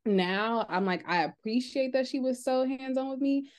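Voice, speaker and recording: A young woman co-hosting a casual podcast chat, telling lively stories and acting out her family's voices. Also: high-pitched, moderate pace. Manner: animated storyteller, acts out family voices. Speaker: podcast co-host.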